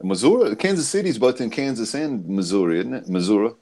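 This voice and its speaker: A man on an online panel, joking and chiming in quickly. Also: medium pitch, sing-song, darkish tone. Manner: jokey, quick interjections. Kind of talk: casual panel chat.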